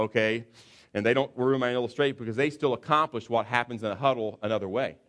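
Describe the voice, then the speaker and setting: A man preaching a sermon as pastor, telling a story with animated, acted-out asides. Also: mid-range voice, fast. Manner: animated storytelling, acts out football players.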